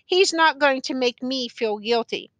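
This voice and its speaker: A woman's voice: sits high, a little slow, fairly bright tone, no echo, muffled recording. A woman reading an audiobook, voicing a frustrated young male teacher who protests in an exasperated way.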